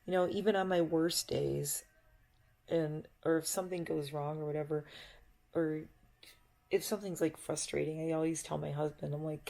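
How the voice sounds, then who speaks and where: A woman's voice: low voice, steady tone, moderate pace, vocal fry, mellow. A middle-aged woman vlogger talking in a chatty, reflective ramble and laughing easily. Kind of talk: casual rambling monologue.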